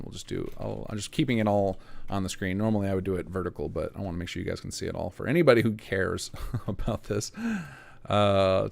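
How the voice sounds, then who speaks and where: A man's voice: sits low, vocal fry, darkish tone. A man streaming live as he works, thinking aloud and muttering to himself as he checks numbers. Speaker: game mod developer streaming. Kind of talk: live-streamed work commentary.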